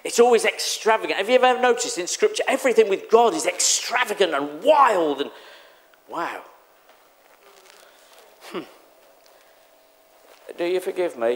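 A man preaching a sermon in a church, animated and exclamatory, acting out the voices he quotes. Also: a little high, moderate pace, pauses often, slight background noise. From England. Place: church hall.

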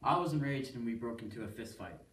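A man's voice: medium pitch, animated, fast, a bit bright, distant mic, a little hiss or hum. Man reciting a poem in an echoey room. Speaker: student reader. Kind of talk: first-person poem recitation.

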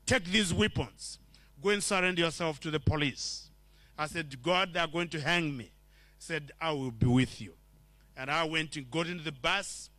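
A man's voice: high-pitched, pushed and bright, no echo. A man from Zimbabwe giving an earnest testimony sermon in a church, telling his story and acting out the dialogue.

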